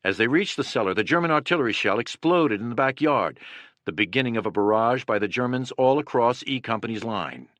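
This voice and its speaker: A man narrating a war history as an audiobook in a steady, dramatic manner. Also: mid-range voice, brisk, no room sound. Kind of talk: scripted narration.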